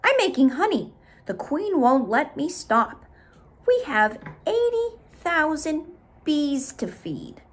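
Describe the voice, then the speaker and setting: A woman reading a storybook aloud, voicing a tiny, busy worker bee in a high, hurried voice. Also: very animated, exaggerated voice. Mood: frantic. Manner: high squeaky rushed voice.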